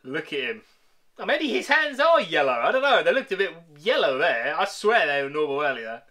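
Excitable man, wildly lively voice. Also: a little high, moderate pace. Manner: excitable, swearing, laughing. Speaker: movie reactor. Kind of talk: casual reaction commentary. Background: film music playing.

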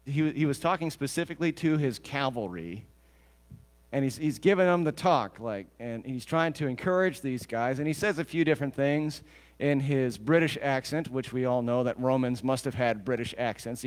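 Brief: male pastor at a mid pitch, preaching casually with humorous asides and questions to the room, long church reverb. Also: normal speed. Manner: conversational, joking asides, questions the congregation. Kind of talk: sermon.

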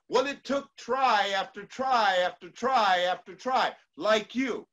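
A man's voice: sits high, slow, few pauses, fairly bright tone, highs cut off. A man giving a motivational speech to an online audience, preacherly, repeating lines for emphasis and leading call-and-response. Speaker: motivational speaker.

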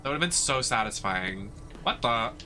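A young male streamer with a very bright, sharp tone talks his way through a game. His chat is playful and sassy, full of stories and casual swearing, over a faint background hiss. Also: medium pitch, expressive, normal speed. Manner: chatty, playful, sassy storytelling with frequent swearing.

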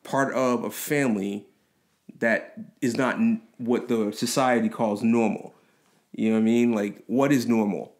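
Male podcast guest, animated storyteller, laughs often, does quick voices for others. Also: medium pitch. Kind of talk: personal storytelling.

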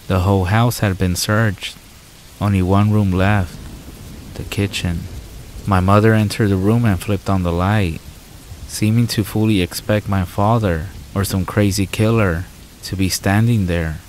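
A man narrating horror stories in a calm, measured way with dramatic pauses. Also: deep voice, a little hiss or hum, low-quality recording.

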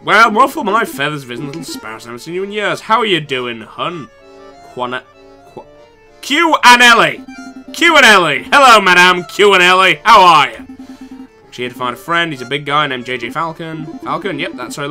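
A man's voice: on the high side, sing-song, moderate pace, music in the background. A young man in university playing a video game, reading the dialogue aloud and mocking the characters with sarcastic, profane remarks. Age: young adult. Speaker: let's play gamer.

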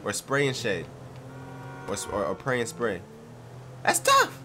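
A man's voice: mid-range voice, wildly swooping pitch, a little slow, background noise. A young man with a congested voice from a cold, giving slangy, hyped commentary over his gameplay. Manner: slangy, hyped, loud outbursts. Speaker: gaming streamer.

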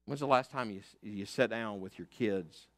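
An older man, preaching a sermon as pastor, emphatic and fiery, rising to loud declarations and dropping to hushed asides. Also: fairly low pitch, moderate pace. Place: church sanctuary.

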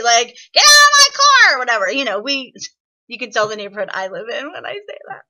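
Woman, singing teacher, online voice lesson, chatty and encouraging, fairly high voice, dull video call sound. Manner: chatty, encouraging, explains with lively examples. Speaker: singing workshop instructor.

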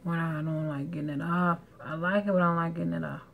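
A woman talks straight to her phone camera in a loose, chatty vlog style, calling her viewers y'all and swearing without a second thought. Her voice sits low and carries a gravelly fry. A faint hiss runs under the recording. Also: level tone, quick pace, phone-quality sound. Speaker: vlogger. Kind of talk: casual vlog chat to camera. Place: at home and in a parked car.

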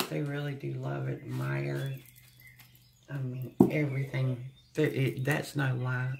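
A tarot reader talking viewers through a heartfelt card reading at an unhurried, drawn-out pace. The voice carries a gravelly fry, broken up by soft hums and sighs. The delivery is tender and close to tears. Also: medium pitch, heavy background noise. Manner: slow, gentle, often humming and sighing; speaks with emotion, close to tears at times.

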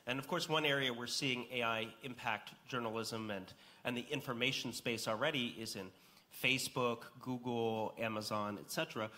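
A man's voice: medium pitch, bright, forceful tone. An American man moderating a panel discussion in a conversational way, with frequent ums. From United States.

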